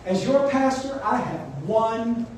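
A man's voice: extremely high pitch, takes it slowly, slight background noise. A man preaching a sermon as pastor, emphatic and exhorting his congregation. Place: church sanctuary. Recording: echoey church hall, mic at a distance.

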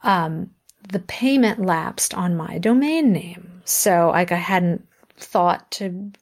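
Lively woman telling an anecdote. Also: fairly low pitch, takes it slowly. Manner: lively storyteller, laughs often, acts out quoted exchanges. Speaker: musician guest. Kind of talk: casual interview storytelling.

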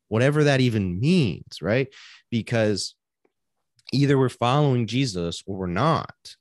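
A man's voice: medium pitch, normal speed, no room sound, clean studio sound. A man co-hosting a casual faith podcast, talking earnestly and thinking aloud with frequent restarts. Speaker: podcast co-host.

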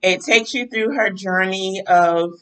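A woman's voice: medium pitch, slow pace, clear, resonant tone, poor audio. A woman hosting her podcast livestream in a casual chatty way, sounding a bit stuffy-nosed and saying "y'all" often. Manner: chatty, warm-spoken with frequent um and y'all. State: stuffy nose. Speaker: podcast host.

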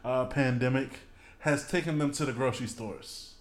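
A man's voice: mid-range voice, normal speed, roomy sound. A man co-hosting a casual chat, rambling with many fillers and laughing easily.

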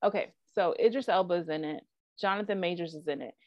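An animated woman co-hosts a casual podcast and keeps drifting into asides. Her voice is recorded dry, with a dull, lo-fi tone. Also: lowish voice, quick pace, no room sound. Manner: animated, with frequent likes and asides. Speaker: podcast co-host. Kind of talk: casual chat.

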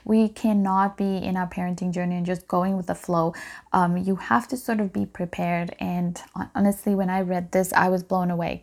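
A middle-aged woman hosting a solo parenting podcast, giving calm, earnest advice with frequent ums and restarts. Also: medium pitch, vocal fry. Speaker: podcast host.

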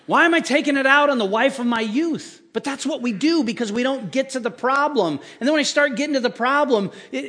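Speaking in a very high voice, this male pastor delivers his sermon animatedly and conversationally, frequently putting rhetorical questions to the congregation.

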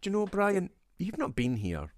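A man's voice: sits high, wildly swooping pitch, moderate pace, dry recording, studio quality. A man co-hosting a podcast, jokey and goading, laughing often. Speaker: podcast co-host. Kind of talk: casual chat.

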